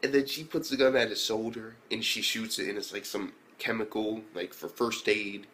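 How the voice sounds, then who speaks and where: Male anime reviewer with a lowish voice. Loose, profane, chatty recap, with frequent shouted reactions. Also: moderate pace, slight background noise. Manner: loose, profane retelling with loud exclaimed reactions. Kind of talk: casual episode recap.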